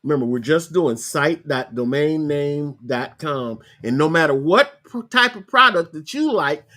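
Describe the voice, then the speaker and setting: A man's voice: on the high side, expressive, pushed and bright. Chatty man walking through a screen tutorial. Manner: chatty, repeats himself, spells things out slowly. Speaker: podcast host. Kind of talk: casual screen-share tutorial.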